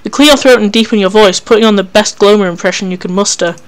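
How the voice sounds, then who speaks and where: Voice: mid-range voice, quick pace, clean tone. A narrator reading an interactive story game aloud in a wry, casual way, swearing freely.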